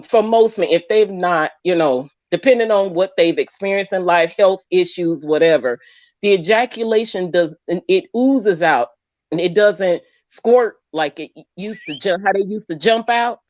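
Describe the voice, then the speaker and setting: A woman's voice: medium pitch, a little slow, dry recording, lo-fi sound. A woman co-hosting a casual livestream chat, telling stories playfully and joking as she explains. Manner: playful, expressive storyteller, drawls and jokes.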